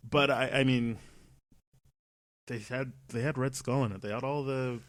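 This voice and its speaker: A man co-hosting a film podcast in casual chat, relaxed, quoting movie lines as he talks. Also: mid-range voice, a little slow, no echo. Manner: relaxed, quotes movie lines, laughs between points. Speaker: podcast co-host.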